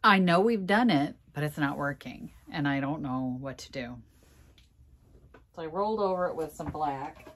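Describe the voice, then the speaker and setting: A woman vlogging casually to camera about a furniture project, halting and sighing, on the verge of tears. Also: deep voice, animated. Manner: halting, sighing, laughing through frustration. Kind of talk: casual vlog talking to camera.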